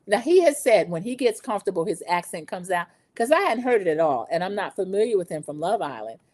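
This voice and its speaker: Woman, middle-aged, casual recap host, opinionated, chatty, mid pitch, dry close mic. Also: big pitch swings, fast, darkish tone, no room sound. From lived in the American South over twenty years. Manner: chatty, opinionated, addresses viewers as y'all.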